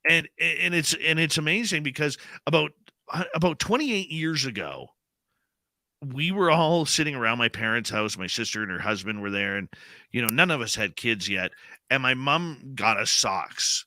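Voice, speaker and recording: A man's voice: mid-range voice, moderate pace, no echo. A middle-aged man, a radio host, telling a personal story in casual chat and acting out the quotes. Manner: animated storyteller, acts out quotes.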